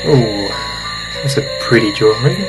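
A man's voice: mid-range voice, unhurried, poor audio. A man hosting a let's-play, making jokes and jumpy reactions while playing a horror game. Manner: jokey, jumpy reactions to scares. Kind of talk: casual gameplay commentary. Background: horror game music.

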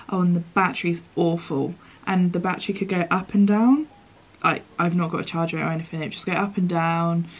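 Young woman, casual vlog, chatty, swears, whispers now and then, lowish voice. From United Kingdom. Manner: chatty, often drops to a whisper while reading the screen aloud. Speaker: vlogger.

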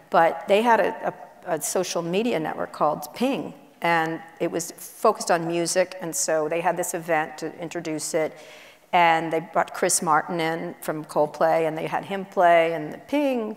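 A woman journalist telling blunt, brisk anecdotes with many asides, on stage in a university auditorium. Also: fairly low pitch. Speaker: guest journalist. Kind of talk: onstage conversation, storytelling. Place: university auditorium before an audience. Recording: echoey auditorium hall.

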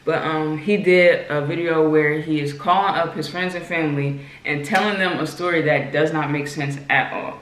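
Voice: mid-range voice, steady tone, moderate pace, few pauses, a bit bright. A young adult vlogger, chatting casually and spinning rambling nonsense stories on prank phone calls. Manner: playful, laughing, making up rambling nonsense stories. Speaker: channel host. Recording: echoey room, faint hiss.

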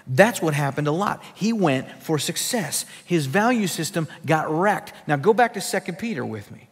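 A male pastor delivers an emphatic teaching sermon from scripture in a fairly high voice. His words ring out through a church sanctuary with a long reverb. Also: very animated, normal speed, few pauses, slightly rough.

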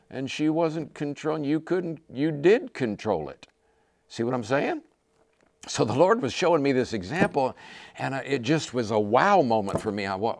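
A man's voice: medium pitch, darkish tone, no echo, studio quality. A man preaching a sermon as a pastor, emphatic, piling up repeated lists and growing more intense.

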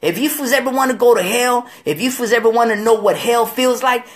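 A man hosting a casual live-stream chat, talking in slangy, profane street style and telling animated stories with voiced impressions. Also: very high-pitched, brisk. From Delaware. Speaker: show host.

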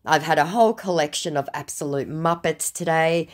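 A woman's voice: low-pitched, moderate pace. A woman host sarcastically retelling a chat with a scammer in a mocking tone. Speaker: scam-baiting video host.

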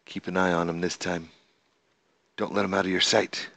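A man casually commenting on his own gameplay, excitable and talking to the animals and monsters he meets. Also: low voice, normal speed, vocal fry, no echo. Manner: excitable, talks to the animals and mobs in the game. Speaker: gamer. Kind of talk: casual let's-play commentary. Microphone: desk microphone.

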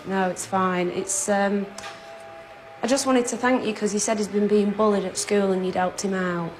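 A woman's voice: mid-range voice, fairly even intonation, moderate pace, faint music behind, lightly acted. A woman playing a firm, protective mum. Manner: firm, direct, polite. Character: protective adult mother, firm but friendly. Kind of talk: film drama acting. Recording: roomy echo.

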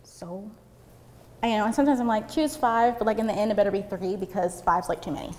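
A loud, chatty woman from Puerto Rico giving a seminar talk to photographers, using a handheld mic and saying "like" a lot. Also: medium pitch, brisk, big-room sound. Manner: chatty, lots of "like". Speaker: seminar speaker. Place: seminar room with an audience.

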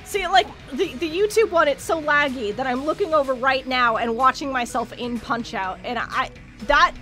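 Here a woman streaming a game gives casual let's-play commentary in a high voice with a fairly bright tone. She plays things up dramatically, mocks herself, and yelps when she panics, all against a backdrop of game music.

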